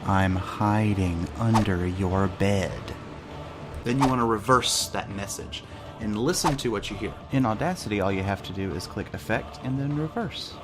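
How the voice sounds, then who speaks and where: A man's voice: lowish voice, lively intonation, fairly quick. A man hosting a casual how-to vlog in an upbeat, chatty way, joking about himself. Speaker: YouTube host. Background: music.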